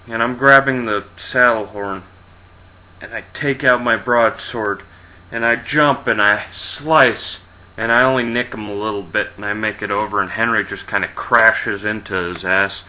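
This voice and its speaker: A man's voice: on the low side, steady tone, normal speed, pushed and bright, rough recording. A man casually telling an improvised fantasy adventure story, rambling and swearing, briefly voicing his characters.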